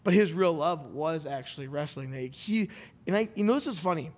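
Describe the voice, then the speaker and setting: A man hosting a podcast, telling a story in a rambling, animated way and acting out what people said. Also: on the high side, fairly quick. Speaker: podcast host. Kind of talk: casual storytelling chat. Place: studio.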